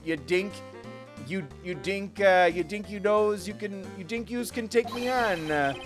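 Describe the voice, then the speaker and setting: A man voicing a gruff, hot-tempered mob boss in a game read-aloud, with a thick tough-guy drawl and lots of "uh"s. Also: high voice, pitched above the performer's own voice.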